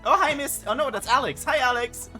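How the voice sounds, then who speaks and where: A man's voice: very high-pitched, a little fast, sharp tone, soft background music. A man chatting casually on a live stream, laughing often.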